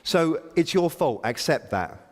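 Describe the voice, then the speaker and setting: A man's voice: a little high, big pitch swings, measured pace. A middle-aged man giving a blunt, provocative and self-mocking opening keynote to a conference audience. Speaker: conference speaker. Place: large conference hall. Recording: long hall reverb.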